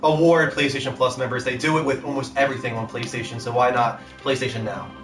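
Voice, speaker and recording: A man's voice: mid-range voice, fairly even intonation, fast, echoey room, over music. A man hosting a gaming talk show in casual, upbeat chat, laughing easily. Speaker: podcast host.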